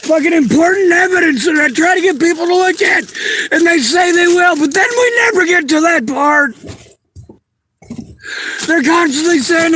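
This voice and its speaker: A man's voice: very high-pitched, moderate pace, bright, forceful tone, poor audio. A man venting to the camera, distressed and near tears, swearing often.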